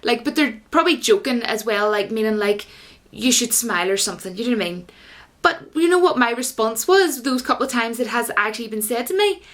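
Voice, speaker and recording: A woman's voice: a little high, animated, brisk, a bit bright. A woman talking casually into her vlog, rambling and firing rhetorical questions at viewers she calls guys. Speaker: YouTuber.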